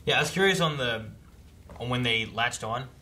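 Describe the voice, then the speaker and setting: A young man co-hosting a reaction show in casual chat, asking puzzled questions and getting louder as he wonders. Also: mid-range voice, moderate pace, recorded from a distance, slight background noise. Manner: inquisitive, questioning, gets louder when puzzled.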